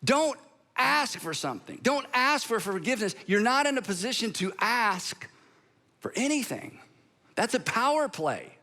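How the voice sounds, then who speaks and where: A male pastor in his sixties delivering a sermon with emphatic pauses, leading the congregation to repeat phrases aloud. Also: extremely high pitch. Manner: animated, emphatic, pauses for effect; leads the congregation in call-and-response practice.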